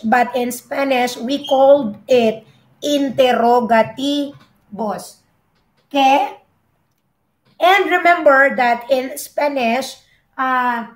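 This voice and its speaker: Woman tutor, young, slightly high voice, very slow and patient, echoey room. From Philippines. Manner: slow, patient, explains each word and repeats it. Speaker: language tutor. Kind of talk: live-streamed language lesson.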